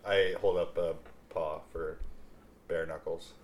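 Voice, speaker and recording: A man's voice: low voice, steady tone, takes it slowly, slight background noise. A man playing a tabletop game, laid-back and amused as he describes what his character does. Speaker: player. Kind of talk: casual tabletop play.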